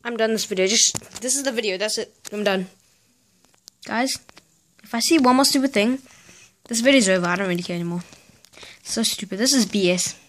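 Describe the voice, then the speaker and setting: A woman's voice: medium pitch, moderate pace, long pauses, fairly bright tone. A woman vlogger ranting in a casual, sarcastic, exasperated way, spelling out letters in disbelief. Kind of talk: casual vlog rant.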